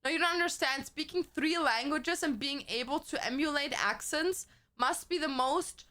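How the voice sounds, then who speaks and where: A high-pitched woman from Germany, speaking English. She streams and chats loosely with her viewers, rambling from one thought to the next and cursing casually. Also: moderate pace, pushed and bright. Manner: chatty, rambling, swears freely.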